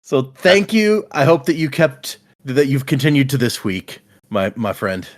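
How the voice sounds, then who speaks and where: A man's voice: medium pitch, unhurried. A man hosting a casual book podcast, friendly and laughing a lot. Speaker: podcast host. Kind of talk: casual book-club chat.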